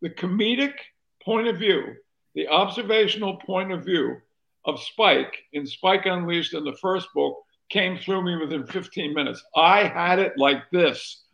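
A man's voice: high-pitched, measured pace, gravelly, fairly bright tone, muffled recording. An older man, a former talk show host from North Carolina, telling stories as an interview guest, wandering and restarting as he goes. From North Carolina, USA. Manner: rambling anecdotal storyteller, restarts often.

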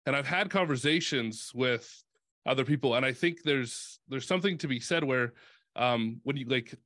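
A man's voice: mid-range voice, a bit bright, no echo. Young man, dry close voice. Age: young adult. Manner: halting, many fillers and restarts. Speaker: host. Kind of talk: conversational interview.

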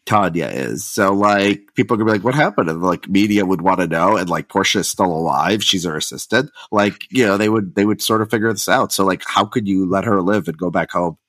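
A man's voice: low voice, brisk, hardly any pauses, fairly bright tone, dry recording. A man guesting on a podcast, chatting casually and filling his talk with "like" and "you know". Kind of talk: casual discussion.

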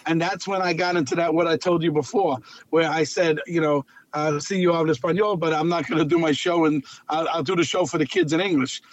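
A man, a clown telling lively stories as an interview guest and repeating phrases for emphasis. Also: on the high side, fairly quick. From Long Island, New York. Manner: animated anecdotal storyteller, repeats phrases for emphasis. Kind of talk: casual storytelling interview. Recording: dull lo-fi audio.

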